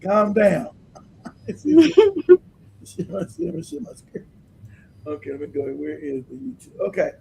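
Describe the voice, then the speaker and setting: A man hosting a livestream, giving loud, blunt commentary that he keeps breaking up with laughter. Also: high voice, big pitch swings, a little slow, creaky, pauses often. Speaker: livestream host.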